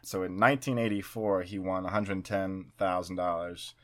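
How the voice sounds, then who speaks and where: Low-voiced man telling a story. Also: fairly even intonation, moderate pace, fairly bright tone. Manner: storytelling, laughs often. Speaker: podcast co-host. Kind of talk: casual chat.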